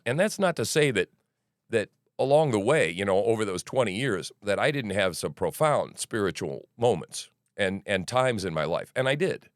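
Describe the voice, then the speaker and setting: A middle-aged podcast host talks in a loose, rambling commentary, swearing freely and breaking off into asides. His voice sits low but leaps around with lively energy. The sound is dry and close, with no room around it. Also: no room sound. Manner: animated, profane, restarts and asides.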